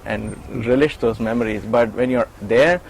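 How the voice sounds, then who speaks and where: Middle-aged man telling an animated story. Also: mid-range voice, normal speed, vocal fry, slight background noise, poor audio. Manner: animated storyteller, acts out quoted lines; frequent restarts and repeated words. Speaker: interview guest, former attendant. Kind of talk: storytelling in an interview.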